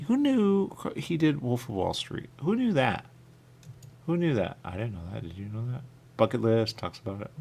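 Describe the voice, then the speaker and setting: Brief: male talk-radio host, low husky gravel, rambling chat that swings up and down a lot. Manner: rambling, thinks aloud with many questions.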